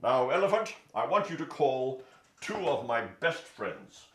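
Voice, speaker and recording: A man playing a bossy lion king, loud and commanding. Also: mid-range voice, very animated, unhurried, echoey room, slight background noise, pitched above the performer's own voice.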